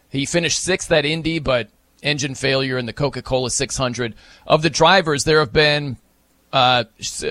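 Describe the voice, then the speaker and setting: A man hosting casual sports talk, animated, often laughing and jumping higher for emphasis. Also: dry recording.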